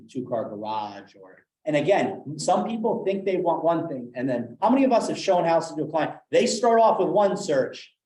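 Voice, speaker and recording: A man running a live sales training session, animated, acting out different tones of voice as examples. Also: mid-range voice. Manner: animated, demonstrates tones with acted quotes. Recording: echoey room.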